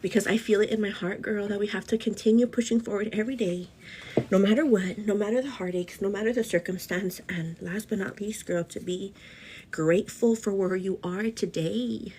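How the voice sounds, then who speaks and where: A young woman talks fast and passionately into her phone camera at home, doing her makeup as she goes. She keeps calling the viewer "girl" and leans on "you know" while giving an earnest pep talk. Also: medium pitch, a little mellow, slightly rough, low-quality recording. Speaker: beauty vlogger. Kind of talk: get-ready-with-me motivational chat. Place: home, indoors.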